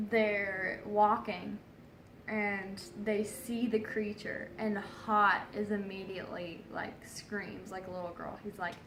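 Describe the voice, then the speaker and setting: Slow, rambling tipsy woman storyteller. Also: mid-range voice, fairly bright tone, roomy sound, a little hiss or hum, poor audio. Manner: rambling, full of "like" and "so then". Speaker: narrator. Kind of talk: casual comic retelling.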